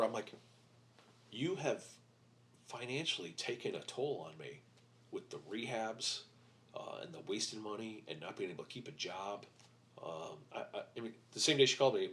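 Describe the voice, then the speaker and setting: A middle-aged man speaking candidly as a podcast guest, halting with many fillers and restarts, blunt and a little profane. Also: on the low side, lively intonation, fairly bright tone, slight background noise. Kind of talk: candid interview talk.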